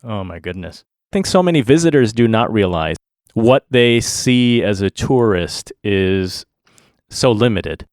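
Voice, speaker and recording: A man hosting an interview, reacting in a measured, reflective way. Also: fairly low pitch, animated, a little mellow, no room sound, clean studio sound. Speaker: podcast host.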